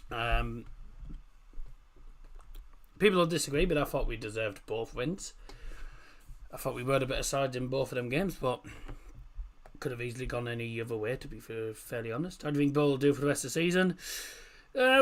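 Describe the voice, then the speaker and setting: A man hosting a casual football watchalong stream, rambling through chat messages with lots of fillers. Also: medium pitch.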